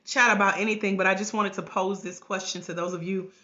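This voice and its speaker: Hoarse, chatty woman livestream host. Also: mid-range voice, steady tone, fast, sharp tone. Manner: chatty, greets viewers by name, playful teasing. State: hoarse, voice cracking. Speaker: life coach trainer hosting a livestream. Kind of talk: casual livestream chat. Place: at home. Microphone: tablet microphone. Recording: grainy lo-fi livestream audio.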